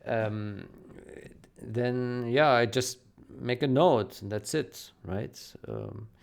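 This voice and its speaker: A man thinking aloud as he types a reply to a code review on a programming stream, slow and hesitant, with many fillers and restarts. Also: mid-range voice, sing-song, vocal fry.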